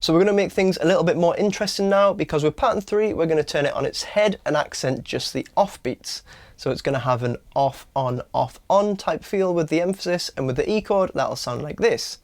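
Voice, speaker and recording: A man giving an online guitar lesson, explaining strumming step by step and counting beats aloud slowly, with a guitar played between his words. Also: a little high. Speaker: guitar teacher. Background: acoustic guitar strumming.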